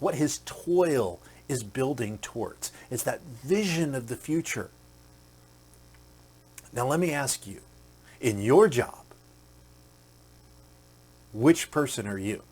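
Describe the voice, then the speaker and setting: A man's voice: mid-range voice, husky. A man hosting a podcast, telling a motivational story in a conversational way with many fillers and acting out the quoted characters. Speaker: podcast host.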